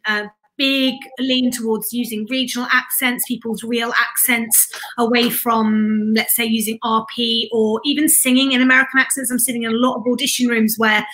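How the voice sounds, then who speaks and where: A woman's voice: a little high, fairly bright tone. A woman hosting a live-stream Q&A over a video call, enthusiastic and effusive as she reads out viewer questions and thanks.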